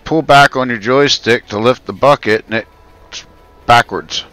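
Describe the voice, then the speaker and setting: A man's voice: mid-range voice, measured pace, sharp tone, low-quality recording. A man from the United States hosting a livestream, chatting easily and reading the chat aloud. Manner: easygoing, friendly, reads chat aloud. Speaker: livestream host. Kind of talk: casual chat.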